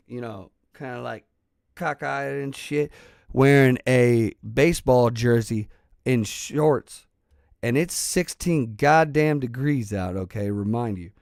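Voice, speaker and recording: A man's voice: medium pitch, vocal fry, a little mellow, dry recording, studio quality. A man telling a personal story in a casual, rambling way, swearing freely and restarting his sentences often. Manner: rambling and profane, with many restarts. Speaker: channel host.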